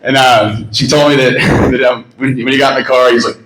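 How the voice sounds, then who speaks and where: A man's voice: medium pitch, little pitch movement, fairly quick, a bit bright, echoey room, low-quality recording. A man in his thirties giving a rambling, story-filled memorial speech with fillers and laughter. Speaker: eulogy speaker. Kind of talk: memorial speech with personal stories. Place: memorial gathering in a room.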